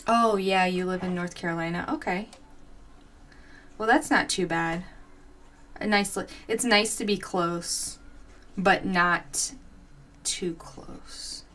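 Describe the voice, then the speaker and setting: A woman in her forties chats unhurriedly while crafting on a livestream, giggling often and answering viewers' comments. Her speech is slow and easygoing, her voice fairly low-pitched and a bit bright.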